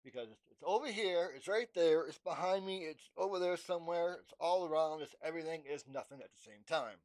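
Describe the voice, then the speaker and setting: A man's voice: on the high side, darkish tone. Rambling man talking to his camera. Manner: halting, many fillers and restarts, acts out dialogue. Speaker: vlogger. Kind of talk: casual rambling monologue.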